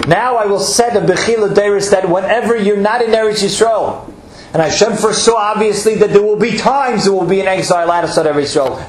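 Speaking briskly in a high voice, a rabbi delivers an earnest sermon peppered with Hebrew terms, drawing out words to emphasize them. The room is echoey with faint ambience, and there's a little hiss or hum on the recording.

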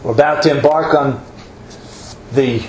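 A man's voice: medium pitch, unhurried, slight background noise. A man giving an earnest sermon, stretching out words for emphasis and weaving in Hebrew terms. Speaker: rabbi. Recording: echoey room with faint ambience.

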